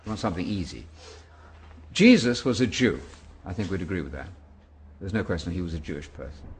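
A man's voice: deep voice, a little fast. A man in his seventies, a Bible teacher answering interview questions in an emphatic, preacher-like way. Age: 70s. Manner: animated, emphatic preacher-like delivery.

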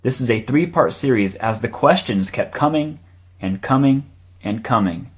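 A man, the podcast host, reading a scripted introduction in an even voice. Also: medium pitch, moderate pace, husky. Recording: intro with music behind.

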